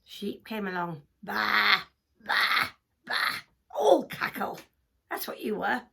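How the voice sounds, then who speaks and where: A woman's voice: medium pitch, expressive, slow pace, gravelly, noisy background, full character voice. A woman voicing a farm sheep who bleats and scolds the hen for cackling. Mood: scolding. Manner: bleating, accusing.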